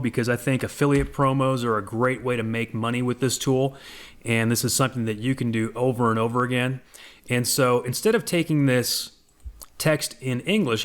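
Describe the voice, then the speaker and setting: A man walking through a software demo as a voice-over for a screen recording, in a relaxed, conversational way with frequent asides. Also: medium pitch. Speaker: software presenter.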